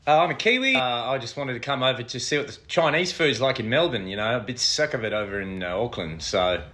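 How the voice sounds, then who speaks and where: A man's voice: medium pitch, sing-song, fast talker, bright, forceful tone, voice pushed down. A man voicing a laid-back male New Zealander migrant in a comedy sketch, drawling and rambling. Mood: offhand.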